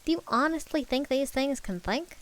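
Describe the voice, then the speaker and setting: A woman's voice: fairly low pitch, moderate pace, natural voice. Woman voicing a scornful Southern-New York guy. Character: blunt, scornful adult male survivor.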